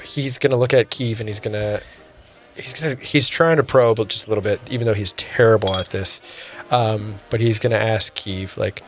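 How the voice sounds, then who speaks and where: A man's voice: fairly low pitch, steady tone, normal speed, faint music behind. Hesitant man playing a tabletop game. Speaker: player.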